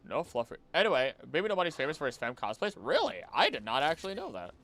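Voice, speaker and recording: A man chatting casually on a live gaming stream, jokey and animated, talking to the creatures on screen. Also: a little high, fast. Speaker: streamer and voice actor.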